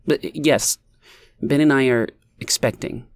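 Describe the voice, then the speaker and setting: A man's voice: mid-range voice, normal speed, a little mellow, no room sound, lightly acted. Brief: a man doing a curt, smug pregnant woman for an audiobook, slightly raised voice, dry sound. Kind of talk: audiobook character voice.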